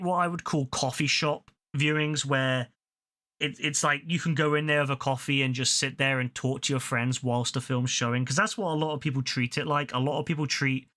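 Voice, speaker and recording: A man, chatting casually while gaming, ranting animatedly with a lot of swearing. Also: mid-range voice. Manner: ranting, profane, animated storytelling. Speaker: gaming video host.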